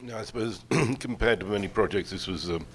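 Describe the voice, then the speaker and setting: An older male film producer at a festival panel, speaking in a halting, measured way with many fillers. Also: on the low side, slight background noise. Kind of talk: panel discussion answers.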